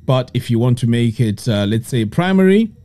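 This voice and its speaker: A man presenting a screen-recorded web design tutorial, explaining each step in a relaxed, step-by-step way. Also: mid-range voice, moderate pace. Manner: relaxed step-by-step walkthrough, frequent "so" and "okay".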